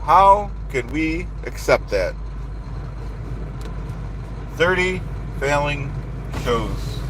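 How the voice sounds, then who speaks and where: A man's voice: on the high side, sing-song, drawn-out words, noisy background. A man ranting on a live stream, boastful and indignant, repeating himself over and over.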